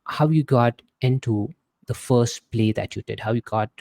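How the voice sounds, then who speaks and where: A man's voice: mid-range voice, normal speed, creaky, darkish tone. A man hosting a podcast interview, asking long, rambling questions full of fillers. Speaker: podcast host.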